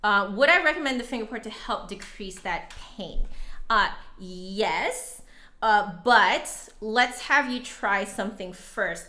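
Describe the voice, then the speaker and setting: Casting: young woman streamer, chatty and giggly, bright tone, slow unhurried delivery, slightly winded. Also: mid-range voice. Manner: chatty, giggly, reads chat aloud. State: a little out of breath. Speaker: flutist streamer. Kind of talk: casual live-stream chat.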